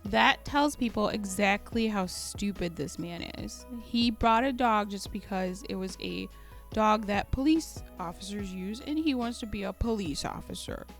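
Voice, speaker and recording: A woman's voice: mid-range voice, unhurried, creaky, soft background music. A woman co-hosting a casual podcast, blunt and profane as she vents. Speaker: podcast co-host. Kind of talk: casual trash-talk chat.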